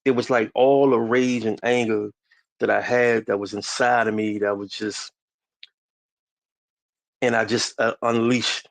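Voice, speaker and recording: Man, forties, gravelly low voice, halting reflective storytelling, dry recording. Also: little pitch movement, no echo. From DMV area, US. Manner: slow, halting, reflective, with many restarts. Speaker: podcast guest. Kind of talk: personal storytelling.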